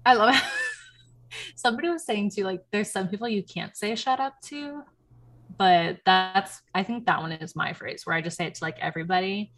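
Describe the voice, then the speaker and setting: A young woman hosting a casual chat, telling stories in an animated way, full of "like" and quick laughs. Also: mid-range voice. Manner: animated storyteller, heavy on "like", laughs often. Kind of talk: casual chat recapping a reality show.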